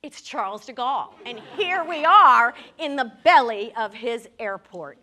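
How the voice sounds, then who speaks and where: A woman performing a solo comic story on stage in a small theater, acting out the dialogue in an animated way. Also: on the high side, unhurried, few pauses.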